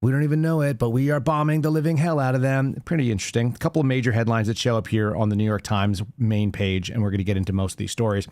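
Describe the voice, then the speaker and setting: A man's voice: medium pitch, steady tone, fast talker, few pauses, a little mellow, no echo. A man hosting a live news commentary show, reading headlines aloud and mocking them with sarcastic asides and chuckles. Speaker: show host.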